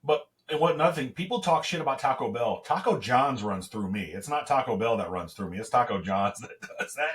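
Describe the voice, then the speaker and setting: A man co-hosting a podcast in casual chat, excitable and crude, often laughing. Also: medium pitch, a little fast, hardly any pauses. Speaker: podcast co-host.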